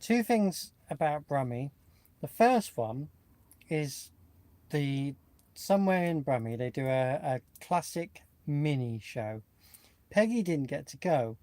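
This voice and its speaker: A man's voice: a little high, animated, slow pace, dark tone, no echo. A man from Nottingham co-hosting a live online chat, talking in a rambling, easygoing way and laughing often. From England (Nottingham). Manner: chatty, rambling, laughs easily. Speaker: co-host. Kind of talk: casual livestream chat.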